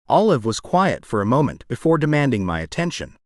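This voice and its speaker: Male audiobook narrator, expressive first-person romance read, very lively pitch, dry close studio sound. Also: a little fast, hardly any pauses, no room sound. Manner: emotional, expressive reading.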